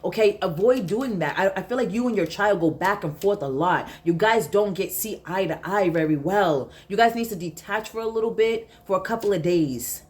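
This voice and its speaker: A woman's voice: medium pitch, normal speed, few pauses, darkish tone. A woman giving a casual tarot reading, emphatic and blunt, repeating her points and swearing freely. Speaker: tarot reader.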